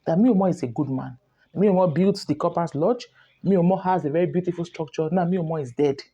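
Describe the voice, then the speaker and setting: A woman's voice: fairly low pitch, quick pace, warm tone, breathy edge, lo-fi sound. A woman voicing a distraught young man who wails and pleads in a spoken story. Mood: pleading. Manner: wailing, pleading. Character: distraught young man wailing over a misunderstanding.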